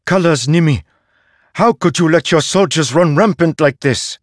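A man voicing a peasant mother in an audiobook; her voice is strong and firm, and she speaks loudly and indignantly. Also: a little high, normal speed, dry recording, studio quality, voice pushed up, lightly acted. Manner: loud, indignant, clipped. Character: anguished peasant mother, fierce and unyielding.

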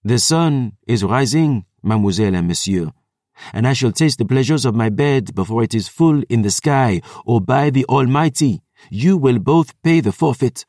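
A man's voice: medium pitch, expressive, normal speed, a little mellow, dry recording, studio quality, voice pushed up, natural voice. A man voicing a formal, commanding aristocratic vampire historian. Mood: imperious.

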